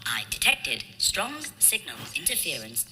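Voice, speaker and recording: A woman voicing a polite assistant droid pilot, speaking in formal, measured machine phrases. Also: low voice, very animated, background noise. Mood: calm report. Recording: reverberant hall, faint music.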